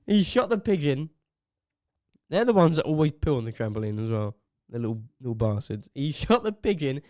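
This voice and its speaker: A young man co-hosting a podcast, giving excitable running commentary between laughs at a desk mic in a small home studio. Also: on the high side, normal speed, no echo. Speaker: podcast co-host. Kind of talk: casual chat.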